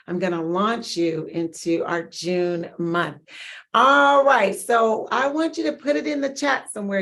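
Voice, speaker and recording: A woman hosting a live online wellness support group, encouraging viewers and reading out their chat messages with laughs and bursts of loud emphasis. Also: medium pitch.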